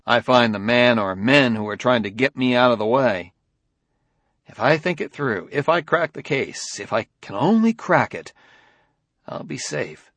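Man reading as a cornered human detective, thinking out loud with urgent, anxious logic. His medium-pitched voice is recorded close and dry, with no room around it. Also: dry recording. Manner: urgent, anxious reasoning aloud. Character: tense, hunted male human police detective. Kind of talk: audiobook dialogue reading.

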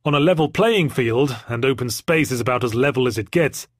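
A man's voice: mid-range voice, a little fast, dry recording. A man narrating an audiobook in the first person with a dry, wry storytelling manner.

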